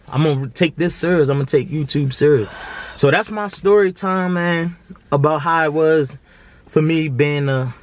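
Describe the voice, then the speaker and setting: A man, talking earnestly to camera in a slangy, repetitive way. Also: fairly high pitch. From Baltimore. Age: 20s. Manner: earnest, preachy, slangy, repeats himself. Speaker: vlogger. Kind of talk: casual heartfelt monologue to camera.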